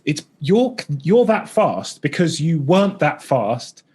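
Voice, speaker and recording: A man in his thirties, a streamer and former stand-up comic, chatting excitably in a rambling interview full of tangents. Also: on the high side, slow, husky. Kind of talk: casual interview chat.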